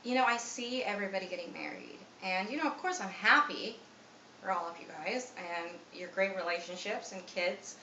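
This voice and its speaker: A woman's voice: mid-range voice, moderate pace, sharp tone, lo-fi sound. A woman in her twenties talking anxiously and self-critically in a rambling confessional vlog, full of fillers. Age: 20s. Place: room at home. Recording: echoey room, mic at a distance, faint ambient noise.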